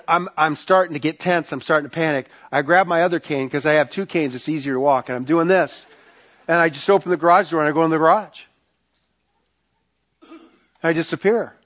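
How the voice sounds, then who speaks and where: A man preaching a sermon, telling a personal story with animated bursts, quiet asides and rhetorical questions to the congregation. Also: a little high. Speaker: pastor.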